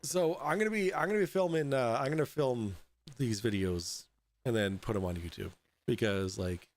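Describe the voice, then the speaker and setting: A young adult man hosting a casual livestream from home, tipsy, rambling and halting with lots of fillers and swearing. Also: mid-range voice. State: tipsy from drinking. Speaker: host. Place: at home in an apartment.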